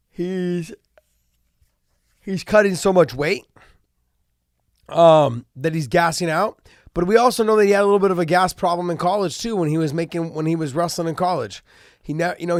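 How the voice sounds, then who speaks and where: Rambling man talking fight analysis, fairly high voice. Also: dry recording, studio quality. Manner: loose, rambling, with many restarts and fillers. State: jet lagged, yawning. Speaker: host of fight analysis show. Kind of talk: casual commentary.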